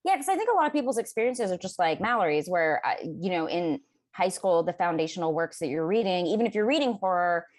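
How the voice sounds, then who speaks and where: A woman's voice: on the low side, big pitch swings, fast. A woman from Texas co-hosting a casual book podcast, chatty and giggly with many fillers. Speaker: podcast co-host. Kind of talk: casual chat.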